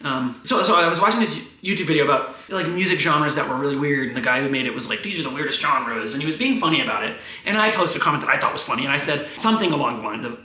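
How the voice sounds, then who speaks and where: A man in his twenties rambling through a profane, animated vlog monologue. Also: fairly high pitch, quick pace, hardly any pauses. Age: 20s. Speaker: vlogger. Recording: roomy, echoey room.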